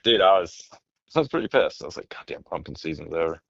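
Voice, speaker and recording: A man in casual podcast chat, telling rambling, animated stories and swearing often. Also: deep voice, fast, vocal fry, no room sound, dull audio.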